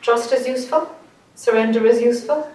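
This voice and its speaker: A woman with an Irish accent, teaching a group, speaking earnestly and growing animated as she tells a story. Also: on the high side, a little fast. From Ireland. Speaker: spiritual teacher. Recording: echoey room, voice from a distance.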